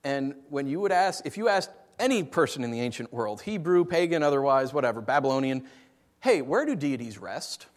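A man preaching a sermon, animated and playful, dropping to hushed whispers and acting out what listeners might say. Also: medium pitch, brisk. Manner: acts out listeners' voices in asides. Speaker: pastor.

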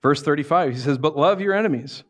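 Animated preacher, man, slightly high voice. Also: fast talker. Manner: animated, acts out voices of dogs, cats and listeners. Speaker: pastor. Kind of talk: sermon.

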